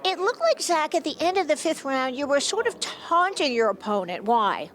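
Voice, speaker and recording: A woman's voice: sits high, very animated, moderate pace, a bit bright. A woman interviewer asking a fighter questions after a bout.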